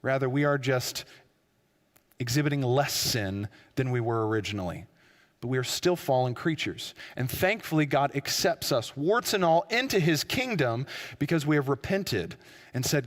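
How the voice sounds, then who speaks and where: A man's voice: mid-range voice, expressive, moderate pace, big-room sound. A man preaching a sermon, telling a story with frequent fillers and restarts. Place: church.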